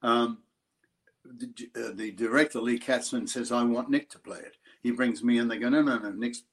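An older Australian actor telling a lively story in an interview, acting out other people's voices. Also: male voice, medium pitch, normal speed. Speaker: actor guest. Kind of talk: interview anecdote.

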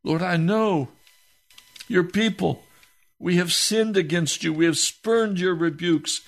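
A man praying aloud, pleading and heavy-hearted in a slow, impassioned spoken prayer. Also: sits high, gravelly.

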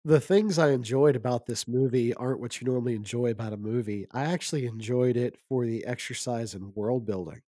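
Male podcast co-host, mid-pitched, easygoing, dry close mic. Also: a little fast, hardly any pauses, dark tone, no room sound. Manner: easygoing, thinks aloud with fillers. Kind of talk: casual movie review chat.

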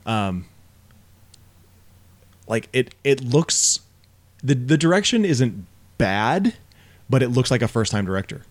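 A man's voice: medium pitch, slow pace, pauses often. A man co-hosting a podcast, talking casually and bluntly about a film, with frequent swearing and rising disbelief. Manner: profane, blunt, animated when incredulous. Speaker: podcast co-host. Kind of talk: casual film review chat.

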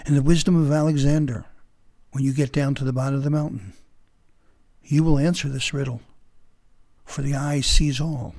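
A man voicing a mysterious guardian voice at a gate to another world, speaking slowly and solemnly. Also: mid-range voice, steady tone, darkish tone, no echo, close to an everyday voice.

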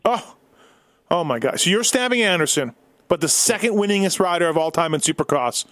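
Higher-voiced joking man, dry sound. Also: expressive, brisk, fairly bright tone, no echo. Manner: joking, teasing. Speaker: podcast host. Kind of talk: casual sports chat.

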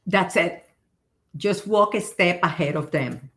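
A woman, a real estate agent guest in an interview, calmly giving practical advice with everyday examples. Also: lowish voice, measured pace. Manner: calm, advising, gives practical examples. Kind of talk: casual interview chat.

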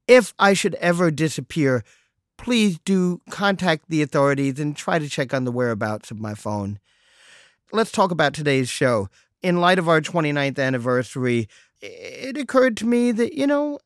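A middle-aged man hosting a solo podcast, telling a story in a wry, deadpan way with mock exasperation. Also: a little high, moderate pace, no echo, clean studio sound. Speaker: podcast host.

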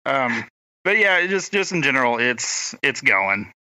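Man, rural Oklahoma accent, very bright dry voice, rambling chat storyteller. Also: mid-range voice, sing-song, a little slow, dry recording, low-quality recording. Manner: rambling storyteller, stumbles and restarts. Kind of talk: casual chat.

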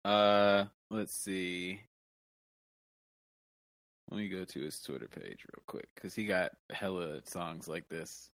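Low-voiced laid-back male streamer. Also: slow pace, pauses often, no echo. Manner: relaxed, mutters while searching, drops volume. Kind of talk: casual livestream chat.

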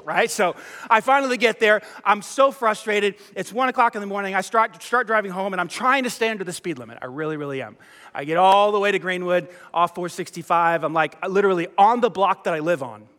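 High, bright-voiced pastor telling a story in a big hall. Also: male voice. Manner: animated, self-mocking storyteller acting out dialogue. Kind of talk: sermon storytelling.

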